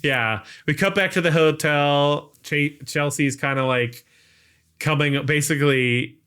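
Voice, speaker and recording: Bright, clear-voiced man recapping a movie. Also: on the high side, a little slow. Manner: rambling, filler-heavy retelling. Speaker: podcast host.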